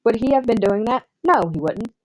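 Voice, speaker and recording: A woman's voice: fairly high pitch, expressive, a little fast, dull audio, voice pushed up. A woman with a Southern US accent voicing a pompous, self-satisfied older man who lectures at the dinner table. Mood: pompous lecturing.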